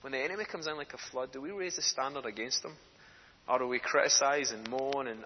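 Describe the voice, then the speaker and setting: A man's voice: mid-range voice, fast. A man preaching a sermon, telling stories earnestly and building to passionate emphasis. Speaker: speaker for a children's charity preaching in church. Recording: echoey hall, dull lo-fi sound, faint noise.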